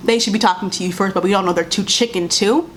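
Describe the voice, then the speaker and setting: A woman's voice: medium pitch, fast talker, fairly bright tone, slight background noise. A young adult woman vlogging, speaking heatedly and emphatically, repeating her points and mimicking others mockingly. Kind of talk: impassioned commentary to camera.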